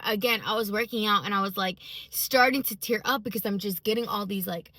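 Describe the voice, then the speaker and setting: A woman's voice: medium pitch, fairly quick, bright, forceful tone, dry recording. A woman giving a casual, emphatic personal faith testimony, full of fillers as she talks. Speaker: faith vlogger.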